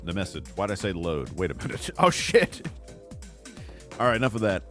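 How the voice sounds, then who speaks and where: Joking low-voiced male streamer. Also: big pitch swings, normal speed, a bit bright, faint music behind. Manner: joking, rambling, laughs at himself. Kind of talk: casual gameplay commentary.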